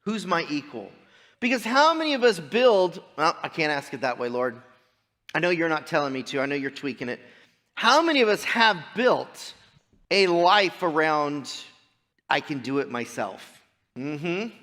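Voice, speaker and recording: A man, preaching a sermon as pastor, moving between loud emphatic preaching and quiet personal storytelling. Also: a little high, big pitch swings, moderate pace. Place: church sanctuary. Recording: long church reverb.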